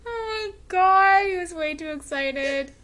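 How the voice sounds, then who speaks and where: A woman's voice: very high-pitched, measured pace, fairly bright tone. A woman co-hosting a podcast, reacting to clips with swearing, laughter and exasperation. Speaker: podcast co-host. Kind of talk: casual reaction chat.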